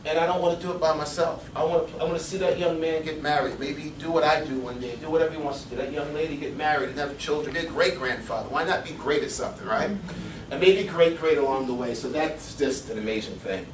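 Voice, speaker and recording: A middle-aged man with a slightly high voice gives a seminar talk as a fitness coach, full of lively personal stories and easy chuckles. He sounds distant from the mic, and the echoey room carries a faint hum of ambience. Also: fast. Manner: animated storyteller, chuckles often.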